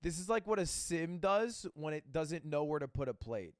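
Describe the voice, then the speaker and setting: A man giving casual, joking commentary on videos, expressive and swearing freely. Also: a little high, normal speed. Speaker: reaction video creator.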